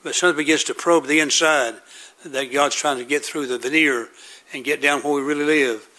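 A man's voice: on the high side, steady tone, fairly quick, sharp tone. A man preaching a sermon, earnest and repetitive, asking questions and answering them himself.

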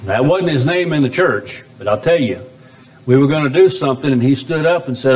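A man's voice: lively intonation, a little mellow. A man preaching a sermon as pastor in a church chapel, drawing out key phrases with big swings up and down. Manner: preaching with sweeping pitch swings, drawn-out emphatic phrases.

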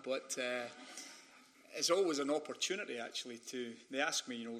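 A man's voice: medium pitch, a little fast, fairly bright tone, slight background noise. A Scottish man, a Christian minister, preaching a conference sermon and weaving humorous personal anecdotes into it. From Scotland. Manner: storytelling, humorous, mimics voices in quotes. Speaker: pastor.

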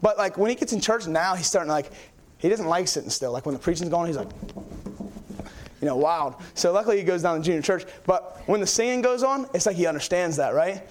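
A young man preaching a sermon in a church, telling stories in an excitable, rambling way with many fillers. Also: high-pitched, quick pace.

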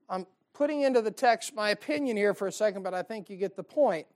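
A male pastor preaching a sermon to a church congregation, joking and calling out "Amen?", swinging between loud and quiet. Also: high-pitched, a little fast, few pauses. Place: church service.

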